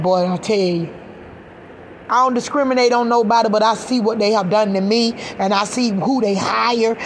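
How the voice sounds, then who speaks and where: Agitated and emphatic, a middle-aged mother gives a passionate personal rant to camera, cursing and repeating herself. She speaks on the high side, and a little hiss or hum is audible.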